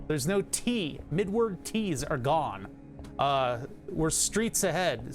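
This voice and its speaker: Rambling streamer with a Philadelphia accent. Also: male voice, fairly high pitch, big pitch swings, extremely slow, soft background music. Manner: rambling, laughs often, swears casually. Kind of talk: casual live-stream chat.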